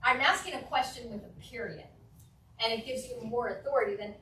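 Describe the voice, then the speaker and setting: A woman teaching a live real estate negotiation class to an audience, talking in a lively way and acting out phone calls. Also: a little high, a little fast. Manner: lively, acts out phone calls and client replies. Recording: echoey room from a distance, faint noise.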